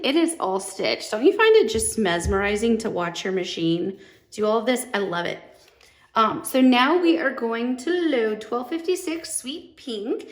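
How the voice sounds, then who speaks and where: Young woman, sewing tutorial, bubbly and chatty, raised pitch, gravelly fry, echoey room. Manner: bubbly, chatty, gushes over how cute things are. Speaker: sewing instructor. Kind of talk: friendly how-to demonstration.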